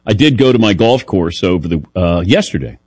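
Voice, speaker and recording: A man's voice: sits low, lively intonation, a little fast, a little mellow, husky, no room sound. Chatty male sports-talk host, dry sound. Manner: chatty storytelling, self-deprecating humor. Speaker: radio show host.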